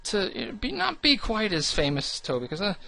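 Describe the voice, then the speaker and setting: A young man with a slightly high voice, talking casually about his gaming channel. He rambles, restarts often and puts himself down. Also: wildly swooping pitch, fairly quick, creaky, bright, forceful tone. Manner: rambling, restarts often, earnest and self-deprecating.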